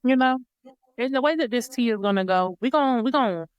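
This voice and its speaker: A woman's voice: on the high side, lively intonation, brisk, clear, resonant tone, no room sound, lo-fi sound. A woman guest on a podcast, telling stories in a laid-back, joking way. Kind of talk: casual chat.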